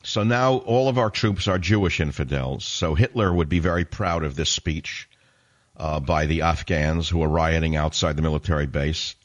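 Deep-voiced man ranting on talk radio. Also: normal speed, highs cut off. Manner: sarcastic, indignant, ranting. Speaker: radio talk show host. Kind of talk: combative talk radio monologue.

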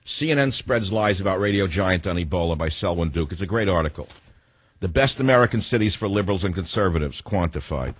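A man's voice: on the low side, slightly rough, no echo. A man in his sixties hosting a radio talk show, rambling through combative, digressive stories and opinions.

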